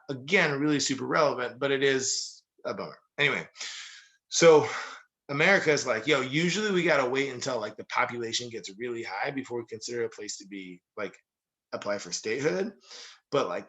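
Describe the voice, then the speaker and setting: A young man teaching a history lesson in a casual, jokey way, full of asides and quick analogies. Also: mid-range voice, pushed and bright, poor audio. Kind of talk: casual recorded history lecture.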